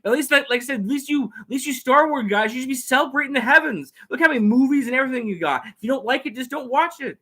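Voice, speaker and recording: A man hosting a casual talk show, rambling and repeating himself as he talks fast. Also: very high voice, expressive, pushed and bright. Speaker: host. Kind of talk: casual chat.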